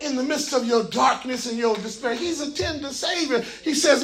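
A male pastor preaching a sermon in a fervent call-and-response style, often shouting and coaxing the congregation with folksy asides. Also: very high-pitched, expressive, normal speed, low-quality recording. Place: church sanctuary with congregation.

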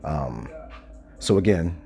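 A man hosting a casual monologue podcast, stoned, talking slowly and loosely with many pauses and self-corrections. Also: low voice, lively intonation, vocal fry, mellow. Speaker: podcast host. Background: faint background music.

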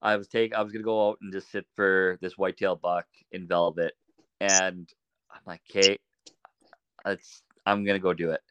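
A man on a podcast as a guest, telling animated anecdotes in a casual way and laughing often. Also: deep voice, moderate pace, clean tone, no echo. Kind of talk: casual storytelling.

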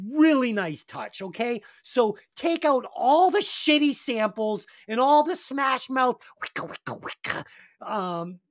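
A man's voice: high-pitched, no echo, clean studio sound. A man hosting a podcast, telling crude stories with heavy swearing and reviewing an album. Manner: profane, animated storytelling. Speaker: podcast host.

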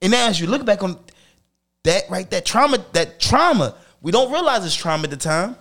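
Animated high-voiced man, blunt podcast talk. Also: a little fast. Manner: emphatic, heavy swearing, swings from quiet to loud. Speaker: podcast host. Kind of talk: candid podcast conversation.

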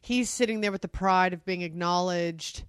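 A woman with a somewhat low voice rambles through an emotional story. She talks casually into a podcast mic with no room sound at all. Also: moderate pace, clean tone, no room sound. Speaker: podcast co-host. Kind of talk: casual chat.

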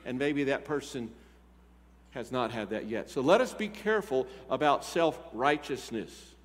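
A man's voice: medium pitch, animated, a little slow. A man who is a pastor, preaching a sermon in a conversational way and asking his congregation questions. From Texas. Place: church sanctuary. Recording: church hall reverb.

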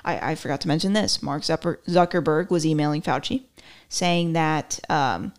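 A woman's voice: low-pitched, moderate pace. Chatty young woman hosting a podcast. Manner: chatty, sarcastic storytelling. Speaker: podcast host. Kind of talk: casual chat.

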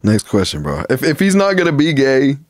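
A man's voice: medium pitch, brisk, dry recording, studio quality. A man co-hosting a podcast in casual chat, telling stories animatedly and laughing often. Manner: animated storytelling, laughs a lot. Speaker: podcast co-host.

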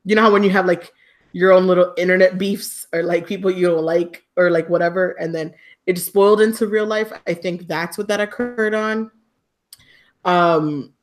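A woman co-hosting a casual podcast, her voice sitting a little low. She talks in a loose, gossipy, slang-heavy way, trading celebrity news with her partner. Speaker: podcast co-host. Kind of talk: casual chat.

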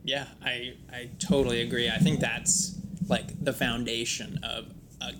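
A man's voice: little pitch movement, measured pace. A man, the host's partner and guest, chatting casually and mostly agreeing in short, laid-back replies. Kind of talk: casual conversation. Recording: noisy recording with low rumble.

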